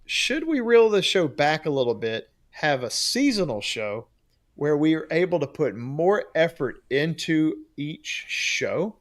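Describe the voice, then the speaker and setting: A man's voice: on the high side, big pitch swings, unhurried. A man co-hosting a casual trade podcast, talking in a loose, rambling way and laughing often. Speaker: podcast co-host. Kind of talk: casual chat.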